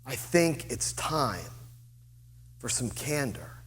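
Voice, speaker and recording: A pastor voicing a slow-spoken older man with an old Virginia accent, in a hushed, measured way. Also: medium pitch, big pitch swings, a little hiss or hum, pitched below the performer's own voice. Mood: grave.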